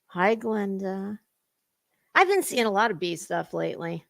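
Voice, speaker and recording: A woman's voice: mid-range voice, expressive, normal speed, gravelly, fairly bright tone, dry recording, clean studio sound. A woman hosting a casual livestream, greeting viewers in chat and talking in a salty, chatty way with cusswords. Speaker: livestream host.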